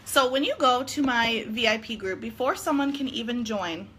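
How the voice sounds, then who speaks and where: A chatty, giggly woman talks on a live stream from home, her voice high and bright. She fills her talk with "like". A faint hum sits under her speech. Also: moderate pace. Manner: chatty, giggly, says "like" a lot. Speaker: direct sales consultant. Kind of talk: casual live-stream chat.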